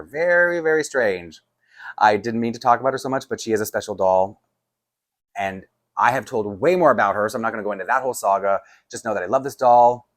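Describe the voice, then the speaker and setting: A man, chatting casually to camera as a doll collector, rambling with many restarts and light laughs. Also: lowish voice. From Canada.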